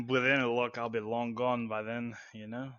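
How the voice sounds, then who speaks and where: A man voicing a friendly, jovial middle-aged father in a tabletop game, hearty and quick to laugh. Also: mid-range voice, little pitch movement, sharp tone, clean tone, no echo, lo-fi sound. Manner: hearty, laughing, calls people mate and lad.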